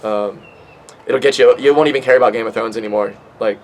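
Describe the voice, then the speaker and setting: A man's voice: mid-range voice, steady tone, fairly quick, poor audio. A man in his twenties hosting a podcast, rambling casually with lots of swearing and fillers, stoned. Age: 20s. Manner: profane, rambling, with many fillers. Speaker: podcast host.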